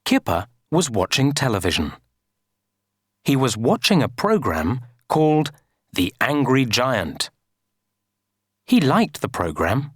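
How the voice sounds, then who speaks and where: A woman reading a children's story aloud for an English lesson, slow and sing-song. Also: a bass voice, very animated, slightly rough, dry recording, studio quality.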